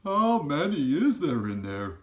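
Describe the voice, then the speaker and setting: Storybook giant, male, old, huge and soft-hearted, played by a man, high and sing-song, broken grammar, slow drawn-out words. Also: big pitch swings. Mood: tender.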